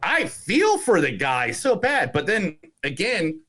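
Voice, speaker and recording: Casual: dude on a movie podcast, swears a lot, voice jumps all over, bit high. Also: male voice, slow. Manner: animated, profane, lots of restarts and laughter. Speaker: podcast co-host. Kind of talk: casual movie review chat.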